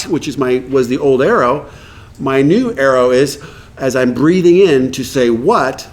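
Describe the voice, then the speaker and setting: A middle-aged man with a Texan accent, speaking at a recovery meeting and acting out quoted voices in an animated way. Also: a little high, moderate pace, noisy background. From Texas.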